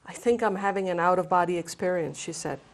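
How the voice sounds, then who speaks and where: A woman from India, a novelist, reading a passage of her fiction aloud with lively expression. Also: lowish voice, fast. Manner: hesitant intro, then lively expressive reading.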